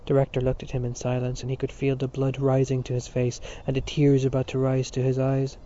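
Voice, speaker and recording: A man reading a novel aloud as narrator in a measured storytelling manner. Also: medium pitch, completely flat delivery, warm tone. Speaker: audiobook narrator. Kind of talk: scripted narration. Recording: dull lo-fi recording.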